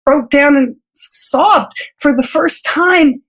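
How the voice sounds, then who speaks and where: Woman doctor, interview guest, high voice, reflective storyteller, light laughs, halting repeats. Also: a bit bright. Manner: earnest, reflective, laughs lightly between thoughts; halting restarts and repeated words. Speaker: physician guest.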